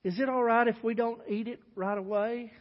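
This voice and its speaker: A lonely, downtrodden woman pleads in a hesitant, apologetic voice, as a man puts her on. The voice is pitched high. It comes through a dull recording with a long hall reverb. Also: fairly even intonation, moderate pace. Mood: timid.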